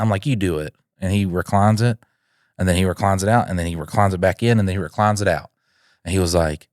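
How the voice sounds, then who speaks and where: A man co-hosting a podcast, chatting casually and telling a family story with lively acted-out quotes. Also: low voice, dry recording, clean studio sound. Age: adult father. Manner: animated storyteller, acts out quotes. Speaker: podcast co-host.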